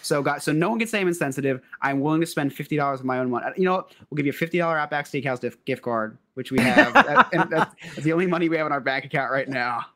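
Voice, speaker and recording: A comedy podcast co-host with a voice on the high side rattles through a story and listener messages at a quick pace with hardly any pauses. His delivery is lively, and he breaks into laughter frequently.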